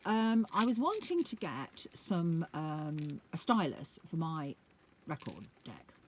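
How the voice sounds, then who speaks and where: A woman rambling chattily to camera, with a husky voice and frequent fillers. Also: sits low, big pitch swings, slow pace, a little mellow, slight background noise. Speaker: vlogger and collector. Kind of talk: casual chat.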